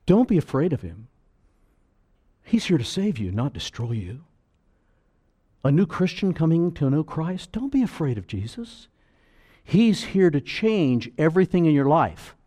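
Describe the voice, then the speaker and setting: A man preaching a sermon with fervor, swelling loud on key phrases and dropping low again. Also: very animated, measured pace, pauses often.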